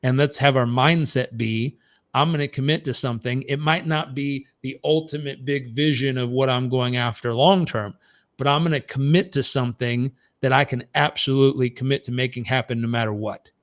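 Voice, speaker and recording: A man's voice: medium pitch, fairly even intonation, moderate pace. Emphatic man coaching a live session. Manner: emphatic, repetitive, fired-up delivery; stumbles and restarts mid-sentence. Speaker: performance coach.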